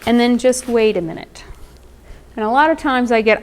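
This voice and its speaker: A woman's voice: on the high side, a little fast. A woman in her thirties giving an informal presentation on emotional wellness, conversational and explanatory, with frequent ums and asides.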